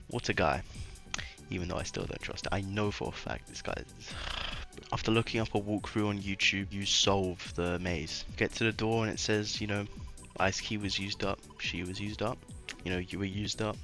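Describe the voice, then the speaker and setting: A man's voice: lowish voice, fast talker, fairly bright tone, faint music behind. A man doing a casual, rambling voice-over commentary on a video game, sarcastic and trailing off into mumbles at times.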